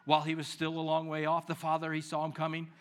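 A man preaching, who reads the scripture with lively dramatic emphasis and leads prayer in a soft, slow voice. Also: fairly high pitch, smooth. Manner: prays softly and slowly. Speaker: pastor. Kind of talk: sermon with Bible reading and prayer.

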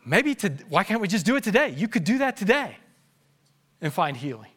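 A male pastor with a high, ringing voice, preaching to a church congregation. He tells animated stories, dropping to a hush and then rising to a shout, and he laughs along with his own stories. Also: fairly quick, husky. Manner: animated storytelling, swinging from hushed to shouting. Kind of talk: sermon. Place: church service before a congregation.

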